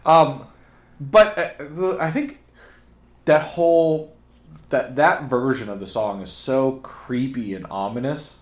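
A man's voice: medium pitch, slow. A man co-hosting a casual podcast conversation. He is blunt and opinionated and swears offhandedly. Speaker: podcast co-host. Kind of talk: casual chat.

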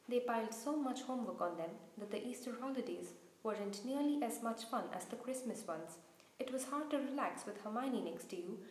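Woman audiobook reader, higher voice, steady expressive telling, roomy echo. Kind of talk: reading a novel aloud.

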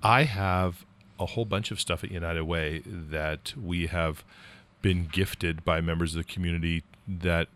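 A man's voice: low voice, fairly even intonation, measured pace, a bit bright. A man hosting a local radio talk show, chatty and joking, interviewing a guest in the studio.

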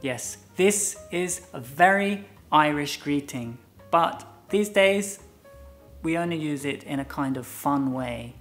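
A man teaching English in a relaxed, chatty lesson. He explains each phrase by acting out playful everyday scenes. Soft music plays faintly underneath. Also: a little high, slow. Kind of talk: casual bilingual lesson chat.

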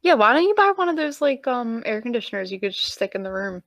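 A woman's voice: a little high, sing-song, quick pace, a bit bright, no echo. A young woman chatting casually with a friend, blunt and wry, swearing often. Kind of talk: casual chat.

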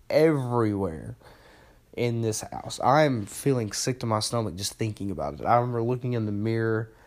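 A young man hosting a podcast, telling a story in a casual, profane, self-mocking way that rambles along. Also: mid-range voice. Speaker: podcast host.

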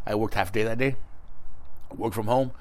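A man co-hosting a podcast, telling a story in casual, animated chat, laughing often and swearing freely. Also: fairly low pitch, moderate pace. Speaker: podcast co-host.

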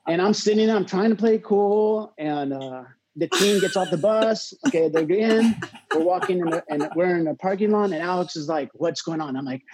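Heard on a low-quality recording, this slightly high-voiced man, a college water polo coach in his thirties, relates a personal story to people in the room. He hesitates, restarts and leans on fillers, then warms up and turns animated.

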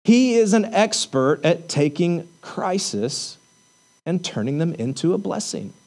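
A man's voice: on the high side, lively intonation, unhurried, a little mellow. A man preaching a sermon in a conversational way, asking rhetorical questions and using casual fillers. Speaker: pastor.

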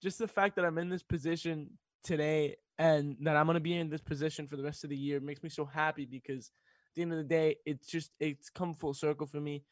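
Teen male radio host, higher voice, emotional and halting, dry studio sound. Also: steady tone, no echo. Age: teens. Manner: fighting back tears, halting and laughing. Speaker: student radio host, sports director. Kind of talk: emotional casual chat on radio.

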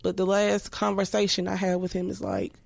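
A woman's voice: mid-range voice, very animated, brisk, gravelly, no room sound. A woman in her thirties speaking candidly and reflectively as a podcast guest, full of restarts and filler words. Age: 30s.

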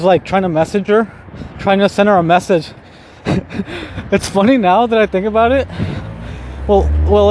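In a high, slightly mellow voice, a young male vlogger chats casually while walking outdoors on a city street. He rambles, swears often, mocks himself, and laughs at himself over faint street noise.

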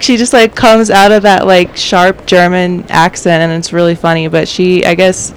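Relaxed woman guest, laughing easily. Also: lowish voice, normal speed, hardly any pauses, clean tone, rough recording. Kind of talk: casual movie review chat.

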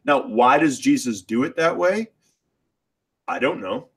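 A man's voice: medium pitch, expressive, measured pace, breathy edge. Podcast guy walking through scripture, lots of i dont know and like. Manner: explaining, thinking aloud with hedges. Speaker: podcast co-host. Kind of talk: casual theology chat.

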